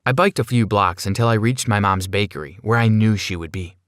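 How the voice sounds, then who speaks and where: Man with a low, dry narration voice. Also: fairly quick, a bit bright, dry recording. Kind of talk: scripted first-person story narration.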